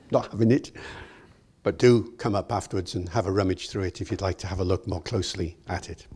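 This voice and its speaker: A man's voice: medium pitch, breathy edge. Older man giving a lecture. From Wales. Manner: lively, anecdotal, chuckling. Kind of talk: public lecture. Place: lecture hall.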